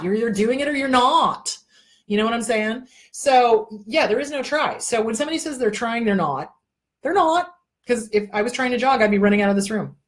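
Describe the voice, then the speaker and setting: A woman's voice: high-pitched, fairly bright tone. A middle-aged woman hosting an advice talk show, speaking bluntly with frequent swearing and emphatic repetition. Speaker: therapist host. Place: indoor room.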